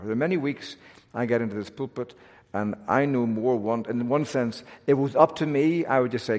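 A male pastor preaching an earnest, animated sermon from the pulpit, with touches of self-deprecating humor. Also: medium pitch, fairly quick, few pauses. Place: church sanctuary, pulpit. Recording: long church reverb.

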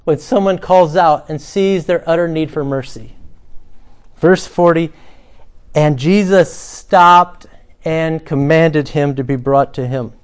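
A male pastor preaching a sermon who acts out the beggar's cries dramatically and drops to a soft hush when he reflects. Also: a little high.

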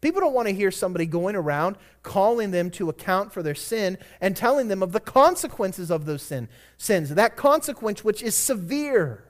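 A man's voice: high-pitched, big pitch swings, normal speed, hardly any pauses. A man preaching a sermon as a pastor, reading scripture passages aloud and stressing key words with earnest emphasis.

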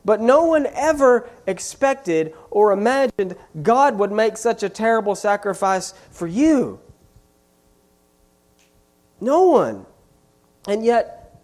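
A preacher delivering a sermon at an unhurried pace, leaning hard on repeated phrases. The voice swoops up and down with lively, animated pitch, pressing each point home with growing force. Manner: emphatic, repeats key phrases with rising force. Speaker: pastor.

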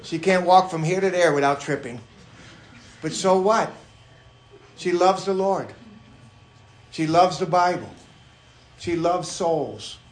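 A middle-aged male pastor preaching a sermon, animated and rising to shouts when he stresses a point. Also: high-pitched, slow, pauses often, roomy sound. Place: church sanctuary.

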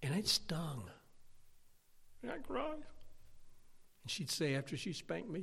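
Male preacher, high and gravelly, animated storyteller with hushed asides. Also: takes it slowly, long pauses. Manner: animated, shifting between loud exclaiming and hushed whispers. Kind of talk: storytelling sermon.

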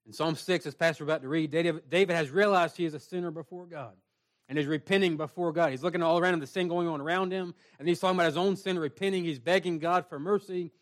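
A man's voice: fairly high pitch, steady tone, fast. A young man preaching a sermon in an earnest, plain-spoken way, repeating phrases and reading scripture aloud.

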